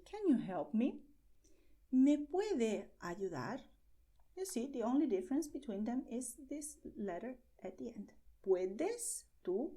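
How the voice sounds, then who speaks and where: Slow, patient Spanish-accented woman teacher. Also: a little high, dark tone. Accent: Spanish, from Spain. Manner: patient explanations, slow careful model phrases, frequent "okay?". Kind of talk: online language lesson.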